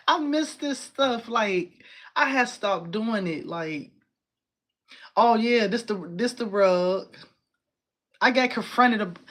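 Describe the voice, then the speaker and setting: A woman in her forties hosting a casual crafting livestream, chatty and animated, talking to viewers and reading their comments. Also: medium pitch. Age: 40s. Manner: chatty and animated, addresses viewers as y'all, laughs often.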